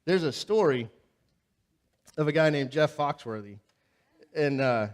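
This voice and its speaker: A man's voice: fairly high pitch, animated, unhurried. A pastor with a slightly raised voice preaches in a church, loose and conversational. He tells funny everyday stories with animation and keeps turning questions back to the listeners. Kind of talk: sermon with humorous storytelling. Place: church sanctuary.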